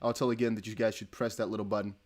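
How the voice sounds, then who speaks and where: A man's voice: lowish voice, little pitch movement, racing, darkish tone. A young man from the Netherlands hosting a casual crypto livestream, reading out donations in a rambling, laughing way. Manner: chatty, laughing, rambling with restarts.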